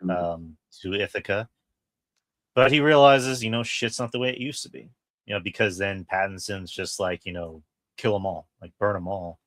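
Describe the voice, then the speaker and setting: A man co-hosting a podcast, chatting casually and excitedly about a film, swearing freely and acting out quoted lines. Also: lowish voice, moderate pace, no room sound. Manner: excited, profane, retells scenes with quoted lines. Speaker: podcast co-host. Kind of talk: casual film review chat.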